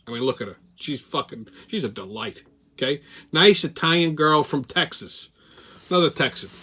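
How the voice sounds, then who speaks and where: A man's voice: a little high, bright, forceful tone. Profane ranting male commentary host. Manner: profane, sarcastic, blunt. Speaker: host of a weekly commentary show.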